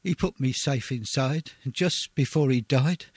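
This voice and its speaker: A man's voice: medium pitch, a little slow, a little mellow, husky, dry recording. A man giving a dramatic, rhythmic poetry recitation, swelling on the refrains. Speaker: poetry reader.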